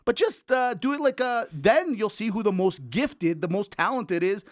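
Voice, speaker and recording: A man's voice: high-pitched, normal speed, no echo, clean studio sound. A man co-hosting a sports podcast, joking and ranting in casual banter. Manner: animated, joking, riffs and rants. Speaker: podcast co-host.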